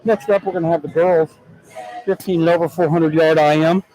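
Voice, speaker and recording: A man announcing a swim meet live, excitable and chatty, joking between events. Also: fairly high pitch, fairly quick, poor audio. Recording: crowd clearly heard behind. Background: crowd of spectators.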